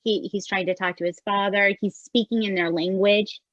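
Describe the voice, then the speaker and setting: Brief: expressive woman podcast host, dry close sound, somewhat muffled lo-fi recording. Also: mid-range voice, moderate pace, no echo. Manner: chatty and expressive, often says "right?". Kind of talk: casual chat recapping a show.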